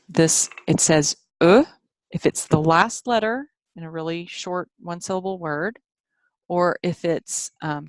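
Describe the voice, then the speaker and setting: A woman's voice: low-pitched, no room sound. A woman teaching French phonics in a patient screen-share lesson, repeating sounds so learners can follow along.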